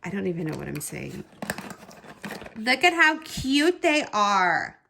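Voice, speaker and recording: A woman crochet vlogger chatting through an excited unboxing, gushing and repeating her words for emphasis. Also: mid-range voice, slow pace, vocal fry, a little hiss or hum.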